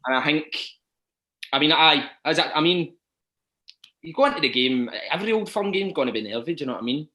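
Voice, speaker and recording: A Scottish man talking in a relaxed podcast chat, his voice bright and forward. He hesitates a lot, with ums and restarts as he finds his words. The room sounds echoey. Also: on the high side, fairly quick, pauses often. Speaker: actor and podcast guest. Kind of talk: casual chat.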